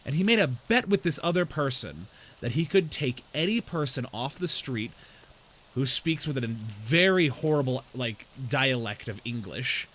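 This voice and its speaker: A man's voice: mid-range voice, lively intonation, normal speed, a bit bright, poor audio. A man streaming a game, chatting casually and explaining things in a rambling way. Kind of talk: casual chat while gaming.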